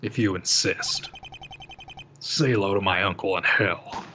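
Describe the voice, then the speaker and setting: A man's voice: low-pitched, unhurried, pushed and bright, slight background noise. A man reading a vengeful male mafia don with a blunt, tough-guy delivery.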